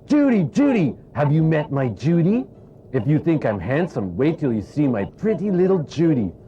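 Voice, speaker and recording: A man voicing a cheeky hunchbacked puppet husband in a squeaky singsong voice, on a dull lo-fi recording. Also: big pitch swings, moderate pace, warm tone, slight background noise.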